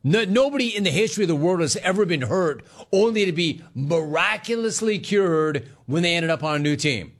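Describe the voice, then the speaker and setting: A man's voice: on the high side, animated, a little fast, hardly any pauses. Sarcastic male sports radio host. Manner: sarcastic, mocking, laughing at callers. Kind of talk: sports talk radio monologue.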